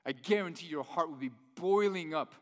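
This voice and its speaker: A man's voice: fairly high pitch, normal speed, big-room sound. A man preaching a sermon in a conversational way, often putting rhetorical questions to the audience. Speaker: pastor.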